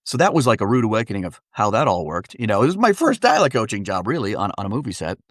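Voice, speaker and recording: A man's voice: on the low side, fast talker, no room sound, studio quality. A man from Wisconsin, a dialect coach, telling stories as a guest in a casual interview. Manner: animated, comic storyteller, fond of voices.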